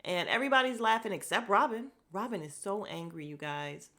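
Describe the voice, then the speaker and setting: A woman hosting a podcast, giving a sassy, blunt recap of reality show drama with mild profanity and quick mimicry of what people said. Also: medium pitch, animated, bright, forceful tone. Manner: acts out quoted lines in bursts of mimicry. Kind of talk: casual recap commentary.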